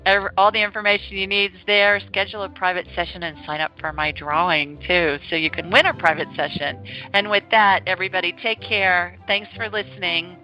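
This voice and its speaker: A woman hosting a call-in radio show, chatty and animated, telling stories and reassuring callers. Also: on the low side, fairly quick, soft background music, poor audio. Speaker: radio show host, psychic.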